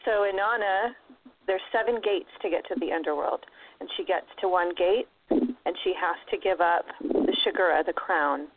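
A woman's voice: lowish voice, expressive, moderate pace, slight background noise. A woman casually retelling an old myth, slipping into playful voices for the characters. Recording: tinny phone-line audio.

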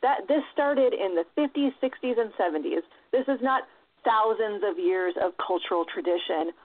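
A woman's voice: on the low side, moderate pace. A woman talking in a casual discussion, passionate and emphatic, swearing freely as she makes her points. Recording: dry, phone-like narrow sound.

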